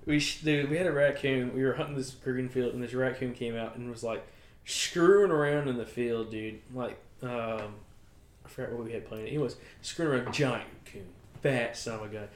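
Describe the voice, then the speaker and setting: Animated young man telling a story. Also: medium pitch, normal speed, echoey room. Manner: animated storyteller, laughing, acts out voices. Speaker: podcast co-host. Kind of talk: casual chat.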